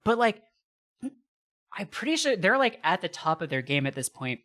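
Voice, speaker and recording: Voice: medium pitch, sing-song, normal speed, a bit bright. A guest on a comedy podcast, talking in a chatty way with many restarts. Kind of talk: casual comedic chat.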